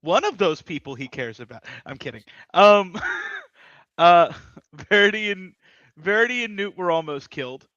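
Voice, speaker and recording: Brief: slow-talking male player, bright tone, slightly muffled. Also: sits high, animated, no echo. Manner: joking, halting. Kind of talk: tabletop game table talk.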